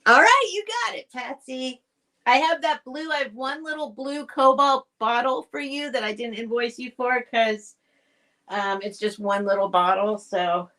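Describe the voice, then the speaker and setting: A bright, forceful voice on the high side belongs to a woman running a vintage sale live stream from home. She talks casually and straight to her viewers, rambling and beginning sentences again.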